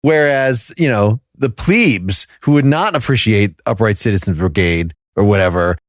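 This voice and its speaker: A man's voice: lowish voice, animated, moderate pace, no room sound, studio quality. A man co-hosting a podcast in casual talk, musing aloud and laughing between thoughts. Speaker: podcast co-host.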